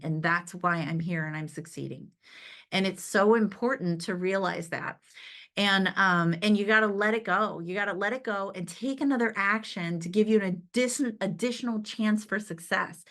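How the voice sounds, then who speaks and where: A woman's voice: mid-range voice, a bit bright. A woman giving an upbeat motivational talk in a conversational way, often checking in with her listeners and laughing easily. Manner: upbeat and conversational, often asks "right?" and "okay?". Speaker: direct-sales team leader giving a motivational talk.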